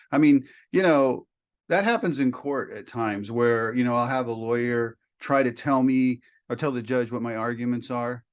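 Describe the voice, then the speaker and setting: A man giving casual commentary on a court clip, with a wry, sarcastic sense of humor, who also tells jokes. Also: medium pitch. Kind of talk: casual commentary and joke telling.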